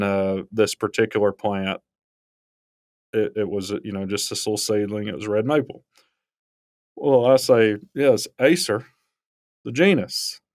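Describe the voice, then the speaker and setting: A man's voice: lowish voice, dry recording, studio quality. A man with a Southern Alabama accent, co-hosting a casual podcast and telling rambling stories with chuckles. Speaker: podcast co-host, professor. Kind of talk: casual storytelling.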